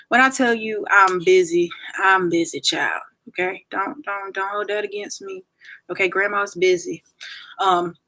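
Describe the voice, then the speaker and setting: A woman's voice: medium pitch, sharp tone. A woman in her twenties chatting casually on a livestream and reading viewer comments aloud.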